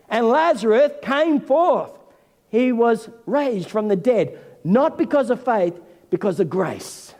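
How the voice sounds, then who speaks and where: A man, senior pastor, preaching a sermon in an animated way and acting out the voices of figures from scripture. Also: very high voice, a little slow. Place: church hall. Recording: long hall reverb.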